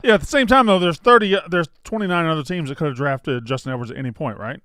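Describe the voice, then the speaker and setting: A man's voice: a little high, quick pace, bright, forceful tone, dry recording, studio quality. A man co-hosting a sports podcast, joking and teasing in casual chat. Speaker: podcast co-host.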